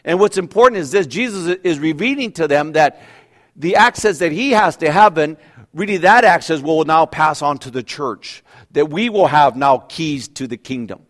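A pastor preaching a conversational sermon, animated and full of everyday examples, often checking in with "right?". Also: male voice, fairly high pitch, normal speed.

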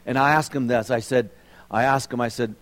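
A man's voice: medium pitch, brisk. Preaching man in an echoing hall. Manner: animated storytelling, rhetorical questions to the congregation. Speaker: pastor. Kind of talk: sermon. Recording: long reverb of a large hall.

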